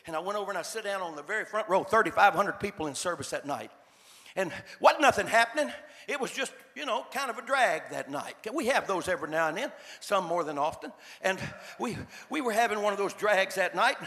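A man's voice: high-pitched, lively intonation, a little fast, sharp tone. An older man preaching a sermon as a folksy personal story, with stammering restarts and repetitions. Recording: echoey hall sound.

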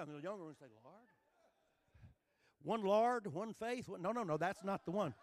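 An older man from Texas with a Texan accent, telling a folksy, joking sermon story that builds to shouting. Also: high voice, no echo, clean studio sound. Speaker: preacher.

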